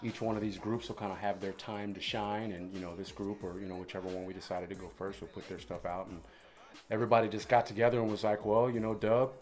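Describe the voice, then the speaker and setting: A man's voice: on the low side, level tone, fast, darkish tone, faint music behind. A man chatting as a podcast guest, laid-back and full of easy fillers. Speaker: guest, musician and actor. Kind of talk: casual chat.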